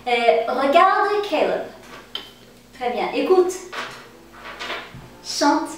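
A woman teaching a class, speaking slowly and encouragingly and repeating words for her learners. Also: high-pitched, big pitch swings. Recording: echoey room, distant mic, faint noise.

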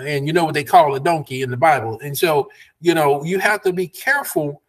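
A man, a pastor teaching a Bible study over a video call in a folksy, preacherly way. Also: on the high side. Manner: preacherly, folksy, laughs between points.

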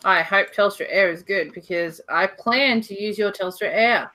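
Hosting a relaxed livestream from the couch at home, a woman with an Australian accent chats, laughs frequently, and reads viewer questions aloud. Her medium-pitched voice is bright and forceful at a normal speed, with a little hiss or hum.

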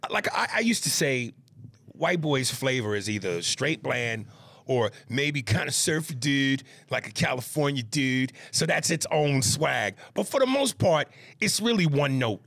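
A middle-aged man co-hosting a podcast, joking and talking crudely in animated, casual chat. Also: mid-range voice, a little slow, gravelly, no echo. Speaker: podcast co-host.

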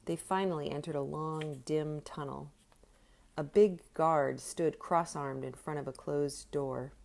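A woman narrating a novel aloud with steady, clear storytelling. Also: low voice, measured pace. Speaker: audiobook narrator. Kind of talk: scripted narration.

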